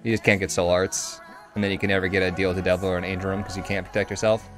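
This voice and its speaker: A man's voice: sits low, flat delivery, very fast, a bit bright, faint music behind. A man streaming a video game, chatting casually and rambling, swearing now and then. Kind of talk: casual gameplay chat.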